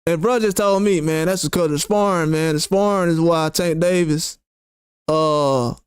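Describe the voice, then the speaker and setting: High-voiced man ranting about boxing. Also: normal speed, clean tone, no room sound, clean studio sound. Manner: animated, mocking, quotes critics sarcastically. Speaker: boxing channel host. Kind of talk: opinionated commentary rant.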